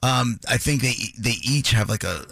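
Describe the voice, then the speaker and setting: A male radio host talking casually with his guest, laid-back and quick to tease. His voice sits at an ordinary middle pitch, recorded close and dry in the studio. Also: creaky, fairly bright tone, no room sound.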